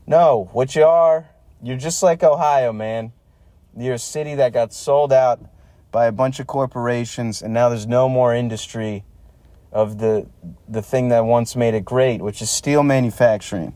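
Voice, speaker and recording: A man in his thirties delivers a sarcastic, profanity-laced comedy rant as a podcast host. His voice is mellow and dark, at a middling pitch for a man. The sound is dry and close, recorded in a laundromat. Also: fairly even intonation, unhurried, dry recording. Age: 30s. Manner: ranting, sarcastic, swears freely. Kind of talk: solo stand-up style rant.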